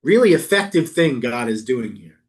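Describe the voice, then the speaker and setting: A man leading a Bible study as rabbi, reading verses aloud and riffing on them with quick jokes. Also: medium pitch, big pitch swings. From New York. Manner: playful, quick asides, reads verses then riffs. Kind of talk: casual text study, reading aloud and joking.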